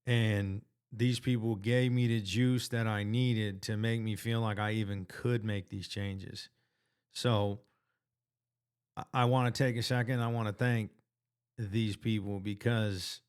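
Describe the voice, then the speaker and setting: A man talks straight to his viewers in a casual, earnest motivational monologue. His voice sits low and sounds smooth and clear. He restarts his sentences often and drops slang as he goes. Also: fairly even intonation, unhurried, darkish tone. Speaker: vlogger sharing weight-loss progress.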